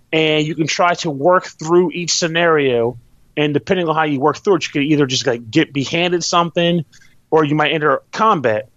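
A man's voice: fairly high pitch, no echo, lo-fi sound. A man casually explaining how a game works, rambling, restarting, and swearing now and then. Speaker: podcast host reviewing a game.

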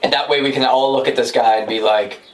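A man co-hosting a casual podcast, blunt and quick to swear. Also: mid-range voice, fairly even intonation, slight background noise. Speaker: podcast co-host.

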